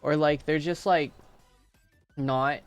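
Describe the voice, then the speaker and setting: A man's voice: a little high, fairly even intonation, slow pace, smooth, no room sound, faint music behind. A man streaming casually, tired, rambling and swearing while he talks about games and his code. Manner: rambling, swears, laughs a lot.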